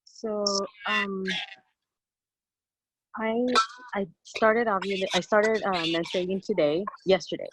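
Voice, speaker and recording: A woman in her forties, a workshop participant asking a question with hesitant, halting restarts. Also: medium pitch, fairly even intonation. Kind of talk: casual question. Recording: clear background noise with clicks.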